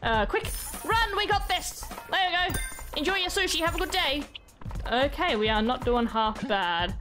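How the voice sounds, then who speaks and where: A woman's voice: high-pitched, animated, normal speed, over music. A woman hosting a gaming channel, giving chatty let's-play commentary and talking to the game characters.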